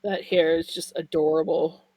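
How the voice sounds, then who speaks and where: A woman's voice: low-pitched, little pitch movement, moderate pace, a little mellow, no room sound, low-quality recording. A woman joining a livestream as guest, chatting casually and playfully voicing what the dogs think. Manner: voices the dogs' thoughts playfully. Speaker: guest on the stream. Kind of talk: casual chat.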